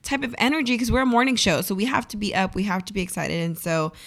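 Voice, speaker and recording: A young woman co-hosting morning radio talks on a studio mic in an easy, chatty way. Her voice sits at a middling pitch. She tells her stories with plenty of "like" and "you know". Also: fast. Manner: chatty, animated storytelling with many fillers. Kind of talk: casual chat.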